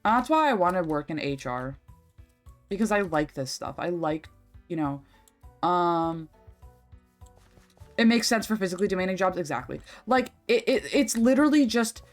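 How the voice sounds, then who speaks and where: A woman's voice: lowish voice, big pitch swings, normal speed, pauses often, soft background music. A young woman streaming a game, rambling and chatty, swearing freely as she talks. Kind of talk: casual livestream chat while gaming.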